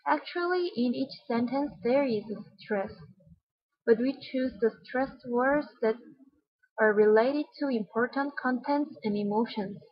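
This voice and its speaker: A woman's voice: a little high, breathy edge, lo-fi sound. A young woman whose first language is Mandarin, giving a student presentation in English and repeating film lines after her partner. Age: young adult. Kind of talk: classroom presentation on movie speech.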